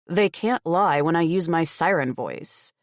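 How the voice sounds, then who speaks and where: Defiant young siren woman voiced by the narrator, sharp and demanding, dry close audiobook sound. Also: low voice, animated, measured pace, no room sound. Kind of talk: audiobook character voice.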